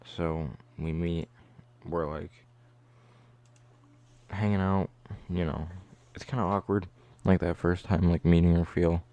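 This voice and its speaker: A man's voice: sits low, flat delivery, slow pace, pauses often, warm tone, lo-fi sound. A young man telling a casual storytime vlog in a loose, chatty way, leaning heavily on "like". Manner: loose, chatty, heavy use of "like". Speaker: vlogger.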